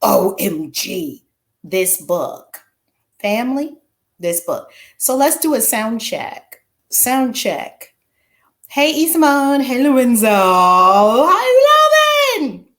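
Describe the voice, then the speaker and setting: A woman's voice: on the high side, very animated, slow, fairly bright tone. A woman author hosting a casual livestream, exuberantly calling out greetings to viewers by name.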